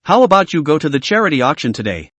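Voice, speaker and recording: A woman's voice: low voice, very animated, fast talker, fairly bright tone, husky, no echo, heavily acted. A man reading as a teasing young girlfriend.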